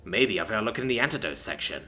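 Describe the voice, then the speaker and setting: A man's voice: medium pitch, sing-song, moderate pace, pushed and bright, faint music behind. A man voicing a nervous but determined young man in a storybook reading. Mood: earnest. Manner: nervous, earnest. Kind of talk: storybook narration.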